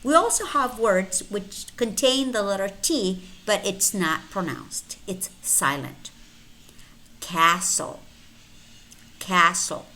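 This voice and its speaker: A woman's voice: medium pitch, very animated, slow pace, few pauses, fairly bright tone. A woman teaching English pronunciation, saying each example word twice with careful enunciation. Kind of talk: slow, deliberate pronunciation lesson.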